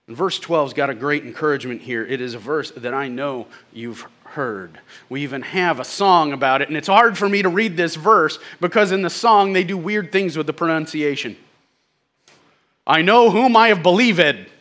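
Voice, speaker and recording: A man preaching a sermon who swings from loud exclamations to hushed lines and drops in folksy, joking asides. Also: on the high side, normal speed, hardly any pauses.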